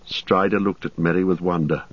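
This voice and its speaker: Low, husky male audiobook narrator. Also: dry recording. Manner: steady, measured reading. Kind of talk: scripted narration. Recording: slightly muffled, dry recording.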